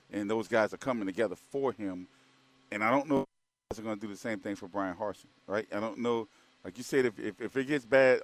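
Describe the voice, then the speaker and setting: A man's voice: lowish voice, no echo. A man co-hosting a sports radio show, rambling casually, repeating words and leaning on fillers. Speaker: co-host.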